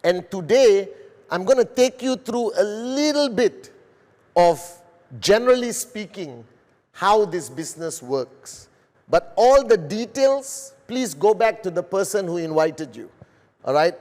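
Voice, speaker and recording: A middle-aged man from Malaysia giving a live broadcast business presentation, speaking slowly and deliberately to a worldwide audience. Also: sits high, lively intonation, darkish tone, in a large hall. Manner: slow, deliberate, addressing a global audience.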